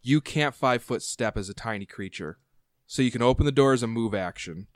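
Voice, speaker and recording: Smooth-voiced man running a tabletop game. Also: medium pitch, fairly quick, no room sound, clean studio sound. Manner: explains rules plainly, relaxed. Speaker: game master.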